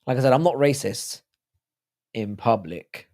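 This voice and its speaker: A British man with a hoarse, sore throat, hosting a livestream in casual, crude joking banter while reading out viewer comments. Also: medium pitch, expressive, unhurried, darkish tone. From United Kingdom. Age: adult with a child. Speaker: livestream host.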